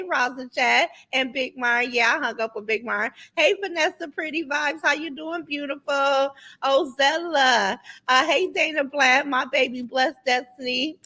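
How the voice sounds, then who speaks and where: A middle-aged woman with a high, bright voice chats bluntly on a casual livestream. She runs through viewer comments in an easy, candid way, and her tone stays sharp and forceful. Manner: blunt, chatty, reads viewer comments aloud. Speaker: livestream host.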